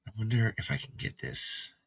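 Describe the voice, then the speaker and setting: A man hosting a casual livestream, rambling excitably and often trailing off and restarting. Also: on the low side, moderate pace, gravelly, husky. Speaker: host. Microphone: camera mic on a livestream.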